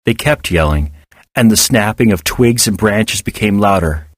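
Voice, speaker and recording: A man narrating a serialized children's story as an audiobook with expressive storytelling. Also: lowish voice, moderate pace, dry recording, clean studio sound. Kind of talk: audiobook reading of serial fiction.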